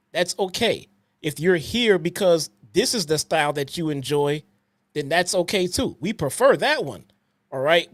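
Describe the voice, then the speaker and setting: A man's voice: on the high side, no echo. A man co-hosting a wrestling podcast, ranting bluntly and swearing as he lectures his critics. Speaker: podcast co-host. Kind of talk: heated podcast rant.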